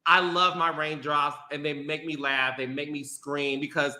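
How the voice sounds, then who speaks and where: A man hosting a podcast, chatting playfully and laughing often, then turning slow and emotional. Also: a little high, little pitch movement, bright, forceful tone, echoey room. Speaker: podcast host. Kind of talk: casual chat.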